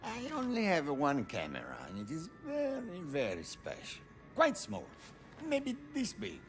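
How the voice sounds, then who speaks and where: A man's voice: on the high side, huge pitch swings, a little slow, soft background music. An actor with an Italian accent playing a sly older male camera dealer who haggles in a theatrical, sing-song way. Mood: haggling.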